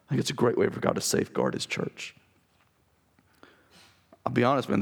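A man preaching a sermon as pastor, with a raspy voice, earnest and direct with his congregation. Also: medium pitch, lively intonation, a little fast, pauses often. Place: church sanctuary.

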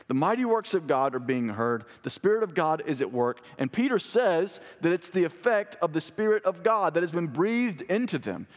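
A male pastor preaching a sermon in a conversational way that climbs to emphatic, high-pitched peaks. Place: church sanctuary. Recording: long church reverb.

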